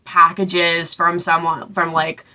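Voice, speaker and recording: A woman's voice: fairly low pitch, level tone, slow pace, pushed and bright. A young woman casually recapping a novel she read, rambling with lots of fillers and sarcastic asides. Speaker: book reviewer.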